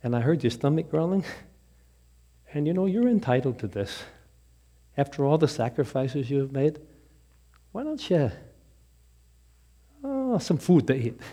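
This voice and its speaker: Pastor putting on a sly flattering devil, higher-pitched, coaxing. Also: male voice, a little slow, pauses often, full character voice. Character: smooth-talking male devil tempter.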